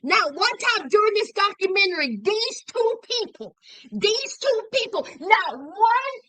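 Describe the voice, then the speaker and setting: A woman hosts her own casual commentary show in a high, bright voice that swings widely in pitch. She speaks unhurriedly and with heavy emphasis, breaking now and then into outraged shouting. The sound is dry and close, with no room around it. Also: sing-song, a little slow, dry recording, low-quality recording.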